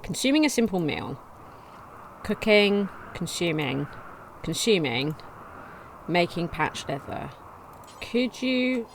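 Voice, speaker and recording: A woman casually commenting on her gameplay, reading game text aloud in a chatty way with sudden excited outbursts. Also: fairly low pitch, slow, long pauses, a little hiss or hum. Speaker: let's play gamer.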